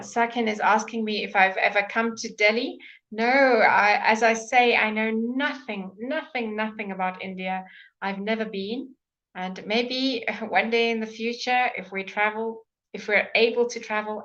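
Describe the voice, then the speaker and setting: A woman's voice: mid-range voice, a bit bright, muffled recording. A woman teaching English pronunciation in a live online lesson, patiently repeating each word many times.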